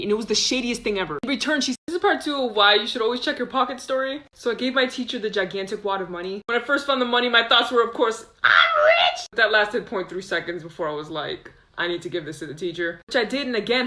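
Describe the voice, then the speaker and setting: A woman telling a casual storytime in a bright, forward voice. She chats along and throws herself into quoting what other people said. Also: a little high. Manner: chatty, animated quoting of others.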